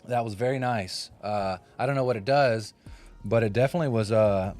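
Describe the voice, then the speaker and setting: Joking man in his forties, low voice. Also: fairly quick, darkish tone, faint music behind. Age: 40s. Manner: joking, rambling, chats with viewers' comments. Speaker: woodcarving livestreamer. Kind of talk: casual chat while carving on a live stream. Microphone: phone propped up.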